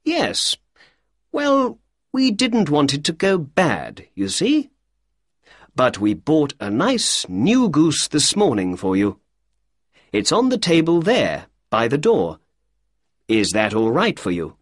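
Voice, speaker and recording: Man putting on a brisk, confident detective. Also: no room sound, studio quality, heavily acted. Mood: polite. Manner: lively and emphatic, higher and louder than the narration.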